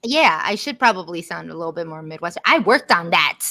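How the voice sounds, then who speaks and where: A woman co-hosting a podcast in casual chat, chatty and quick to laugh. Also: lowish voice, animated, heavy background noise. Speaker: podcast co-host.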